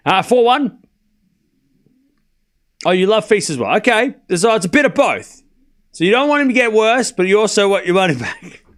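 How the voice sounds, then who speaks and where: A man's voice: high-pitched, big pitch swings, a little fast, fairly bright tone. A man streaming a live tennis watchalong, mixing casual play-by-play with teasing replies to his chat. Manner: chatty, teasing, talks straight to his chat.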